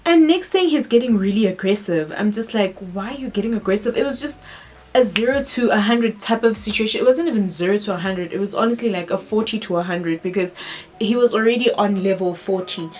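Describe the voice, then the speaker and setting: A woman with a South African accent tells a story straight to camera. Her voice sits at an ordinary middle pitch. She leans hard on key words, with faint music playing behind her. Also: a little fast. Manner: animated, emphatic retelling. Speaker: vlogger.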